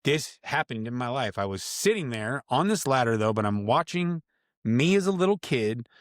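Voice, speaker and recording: A man's voice: medium pitch, sing-song, normal speed, no echo, studio quality. A man in his thirties from California, a podcast guest telling stories in a rambling, profane way full of slang. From Grass Valley, California. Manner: profane, slangy storytelling full of dude and bro. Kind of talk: casual podcast chat.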